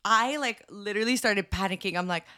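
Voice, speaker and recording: Giggly, bright-voiced woman podcast host. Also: mid-range voice, a little fast. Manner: giggly, animated storyteller. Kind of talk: casual chat.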